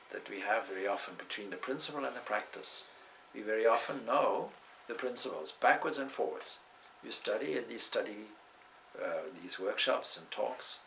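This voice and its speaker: A low, gravelly male voice with a bright, forceful edge gives a spiritual talk in a loose, discursive way. He drifts into stories and side remarks as he goes. A faint hiss sits under the voice. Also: low-quality recording. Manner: discursive, with asides and restarts. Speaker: swami giving a spiritual talk. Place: indoor talk venue.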